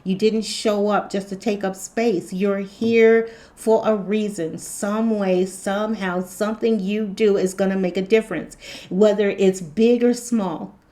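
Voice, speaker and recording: A woman speaks in a loose, meandering spiritual monologue, circling back on the same phrases again and again. Her voice sits at an ordinary middle pitch, and her delivery is earnest and unpolished, like someone talking straight to her followers. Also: fairly even intonation, a little slow, warm tone. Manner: rambling, repetitive, earnest, laughs often. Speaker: spiritual tarot channel host. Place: hot room indoors.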